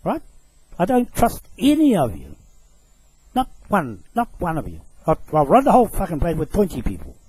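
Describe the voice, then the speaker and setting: A man's voice: a little high, huge pitch swings, normal speed, a little mellow, husky, rough recording. A man delivering an angry, profane rant to camera. He accuses his target directly and repeats short phrases for emphasis.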